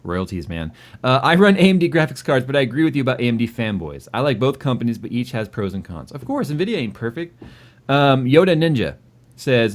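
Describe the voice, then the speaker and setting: Co-hosting a casual tech livestream, a man reads viewer donations aloud at a brisk clip. His pitch moves in a lively, animated way, and he sounds exasperated and stressed but keeps joking around.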